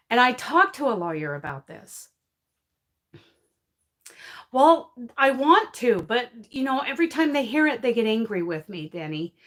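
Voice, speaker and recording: A woman hosts a casual crochet livestream, answering viewer comments in an emphatic, emotional way and often apologizing and laughing between points. Her slightly high, fairly bright voice is very animated but unhurried, with long pauses.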